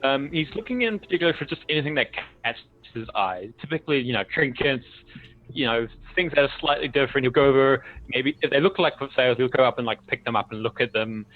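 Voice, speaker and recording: A man's voice: mid-range voice, expressive, faint music behind. A man playing a tabletop game, casually describing what his character does. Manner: quick, casual, filler-laden. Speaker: player. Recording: tinny phone-like call audio.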